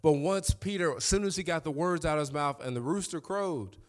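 A man's voice: fairly high pitch, fairly quick. A young man, preaching a sermon in a conversational, storytelling way with asides to the congregation. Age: young adult.

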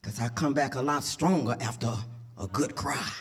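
A middle-aged woman pastor preaching an impassioned sermon, dropping to whispers and then rising to shouts. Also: extremely low pitch, expressive, moderate pace.

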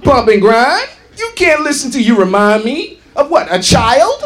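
A high-pitched man tears through a loud, profane stand-up set, his voice leaping all over the place. He shouts, mocks and imitates singers over a live club crowd that laughs and claps. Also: sing-song, moderate pace. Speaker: stand-up comedian. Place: comedy club stage. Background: audience laughing and clapping.

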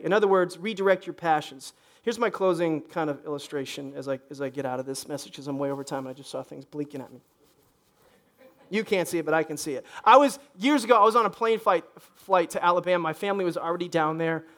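A pastor preaching a lively sermon, joking and acting out people's voices as he goes. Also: a little high. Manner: animated, joking, acts out congregants' voices. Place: church stage.

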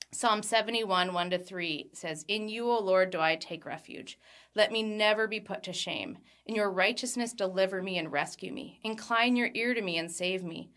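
A woman in her thirties, a Christian speaker giving an earnest devotional talk with scripture reading, laughing lightly between thoughts and slowing down on key phrases. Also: mid-range voice, sharp tone.

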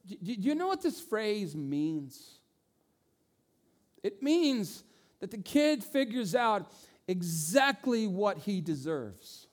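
A man in his forties preaching a sermon, telling stories in an animated way and voicing the people in them. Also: high-pitched. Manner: animated storytelling with voiced asides. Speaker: pastor.

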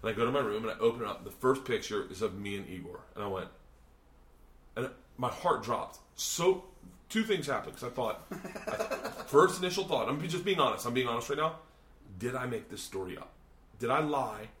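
A man's voice: medium pitch, lively intonation, fairly quick, a bit bright, roomy sound. A man telling a long, profane story casually in a hotel room, laughing often and acting out the people he quotes. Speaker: podcast host and comedian.

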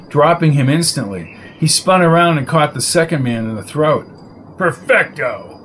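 A man reading a crime novel aloud in a steady storytelling voice. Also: on the high side, a little hiss or hum, low-quality recording. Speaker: narrator. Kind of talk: audiobook reading.

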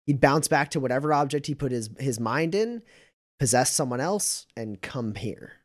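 Man narrating a tabletop game, casual and halting. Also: mid-range voice, lively intonation. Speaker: game master.

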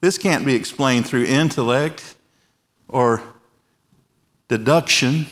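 Man in his 40s, pastor, sermon, earnest, emphatic, mid-pitched voice, soft endings. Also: slow pace. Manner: earnest, emphatic preaching with quiet, softened endings. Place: large church with overflow rooms.

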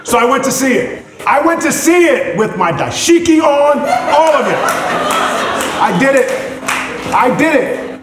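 Animated preacher in an echoey church. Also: male voice, very high voice, a little slow, a crowd in the background. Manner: animated, swings from loud exclamations to hushed prayer. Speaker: pastor. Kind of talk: sermon with storytelling and prayer. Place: church sanctuary. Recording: echoey church hall with music behind.

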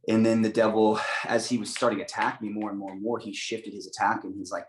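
A man's voice: fairly low pitch, fairly even intonation, fast, few pauses, roomy sound, low-quality recording. A young adult man from the United States, telling an emotional faith story with lots of fillers. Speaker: guest missionary. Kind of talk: storytelling testimony.

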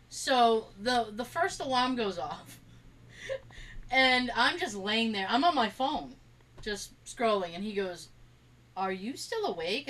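A woman co-hosting a podcast in loose, casual chat. Her voice sits slightly high, and she tells rambling personal stories, laughing often as she acts out what people said. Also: a bit bright, far from the mic, rough recording. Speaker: podcast co-host.

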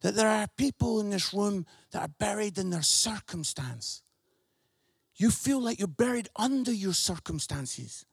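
A Scottish man preaching to a church congregation with a strikingly high voice. He talks in an animated, emphatic way and keeps checking in with his listeners. The sound is close and dry, with hardly any room around it. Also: unhurried, gravelly, husky, no room sound. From Scotland. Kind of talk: lively sermon.

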